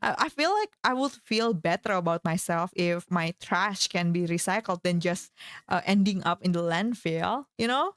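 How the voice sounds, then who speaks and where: A woman's voice: on the low side, lively intonation, moderate pace, a bit bright, no echo, clean studio sound. A woman streamer in casual chat, giggling often and filling her talk with fillers.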